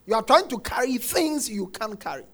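A man preaching a sermon, quoting scripture and repeating his refrain, dropping soft and then shouting. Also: extremely high pitch, big pitch swings, moderate pace. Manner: emphatic, repeats phrases, swings between soft and shouted lines; quotes scripture, acts out congregants' complaints.

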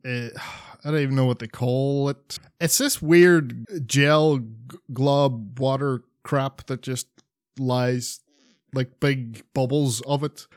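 A man's voice: medium pitch, fairly even intonation, takes it slowly, dry recording, clean studio sound. A man co-hosting a podcast, chatting casually and rambling with lots of swearing, fillers and restarts. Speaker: podcast co-host.

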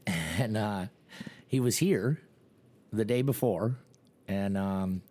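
A man's voice: lowish voice, drawn-out words, dark tone. A man co-hosting a podcast, telling crude stories with lots of laughs and restarts. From Ireland. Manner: crude, laughing, loose storytelling with many restarts. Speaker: podcast co-host. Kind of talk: casual chat.

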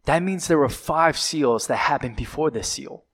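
Preaching a sermon at normal speed, a man with a fairly high-pitched voice builds dramatic emphasis, now and then falling to a whisper. Occasional fillers and self-corrections appear.

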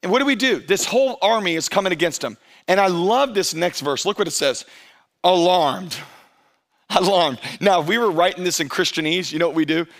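This middle-aged pastor's voice is high-pitched and a bit bright as he preaches a conversational sermon. Slowing down to draw out key phrases for emphasis, he also voices churchgoers in little impressions.

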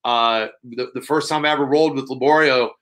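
A man's voice: mid-range voice, steady tone, fairly quick, a bit bright. A man, a podcast guest, telling stories in a casual, rambling way with many fillers. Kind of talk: casual storytelling.

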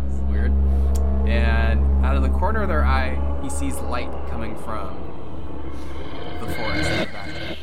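Man telling a ghost story, voice dropping hushed. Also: medium pitch. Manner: animated, acts out the characters' lines, drops to a hushed voice for tense moments. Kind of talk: casual storytelling among friends.

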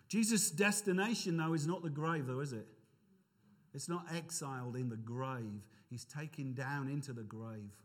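A man preaching a sermon as pastor, animated and emphatic, with asides to his congregation. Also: medium pitch, moderate pace. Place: church.

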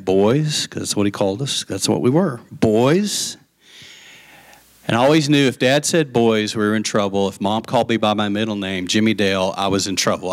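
Folksy preacher telling a story. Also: male voice, lowish voice, fairly bright tone. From Texas. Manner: folksy, chatty, asks the audience questions. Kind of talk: sermon storytelling.

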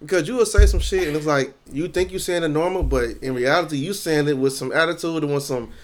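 A man's voice: on the high side, fast talker. Laid-back, blunt man co-hosting a podcast. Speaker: podcast co-host. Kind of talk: casual chat.

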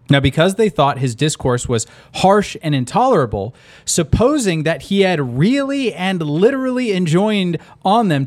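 A man in a casual Bible study discussion, reading an old quote aloud and commenting on it conversationally. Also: on the high side.

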